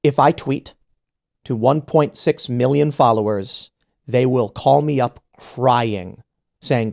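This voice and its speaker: A man's voice: medium pitch, animated, unhurried, vocal fry, darkish tone. A man hosting a podcast, telling a story in casual conversation and acting out the quoted exchanges, often restarting his sentences. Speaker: podcast host.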